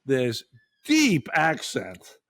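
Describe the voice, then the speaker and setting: A man's voice: mid-range voice, wildly swooping pitch, very slow, fairly bright tone, dry recording. A man hosting a podcast, telling a crude, exasperated story in profane bar-talk style. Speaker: podcast host. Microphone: studio mic.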